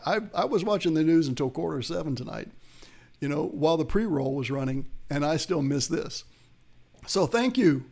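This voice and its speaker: A man's voice: a little high, creaky. A man hosting a live investing webcast, giving market commentary in a chatty way, talking straight to viewers and reading their chat. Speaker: host of a live investing show.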